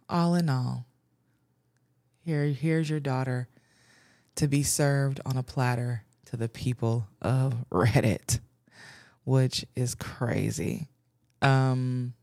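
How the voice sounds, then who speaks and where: A woman's voice: a bass voice, darkish tone, no echo, clean studio sound. A woman podcast host frankly commenting on a news story she reads out, laughing often.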